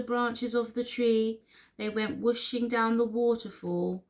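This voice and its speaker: A woman reading a children's picture book aloud for storytime in an expressive, sing-song way. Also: on the high side, slow. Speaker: story reader.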